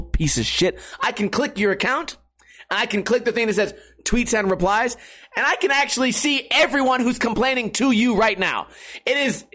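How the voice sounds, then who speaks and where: A man's voice: sits high, pushed and bright. A young man talking straight to camera in a casual, sarcastic rant, swearing freely as he vents about his internet and skating. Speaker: skateboarder vlogger. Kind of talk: casual profane monologue.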